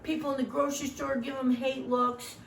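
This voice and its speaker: Animated woman trainer in a roomy hall. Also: sits high, brisk, creaky, recorded from a distance, a little hiss or hum. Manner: animated, joking, acts out quoted voices. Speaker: volunteer trainer. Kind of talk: training talk to volunteers.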